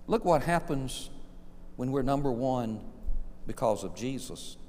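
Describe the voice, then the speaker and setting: A male pastor preaching a sermon, building to loud peaks and calling out for amens. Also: mid-range voice, animated, a little slow, slight background noise. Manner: preaching with rising intensity, calls for amen. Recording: long reverb of a church hall.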